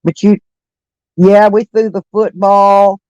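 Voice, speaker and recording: A middle-aged man talks to his livestream viewers in a high, light voice, drifting from one topic to the next and breaking into laughter along the way. His speech is loose and full of fillers, and the sound is dry and close, with no room echo. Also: little pitch movement, slow pace, a little mellow, smooth, muffled recording. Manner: rambling and chatty, laughing often, many fillers. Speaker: live streamer. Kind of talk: casual livestream chat with viewers.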